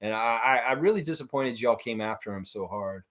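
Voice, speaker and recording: A man's voice: mid-range voice, animated, fairly quick, a bit bright. A man hosting a live watchalong stream, casually reading chat messages aloud and riffing on them with frequent fillers and laughs. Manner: frequent "in some ways" and "uh" fillers. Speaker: livestream host.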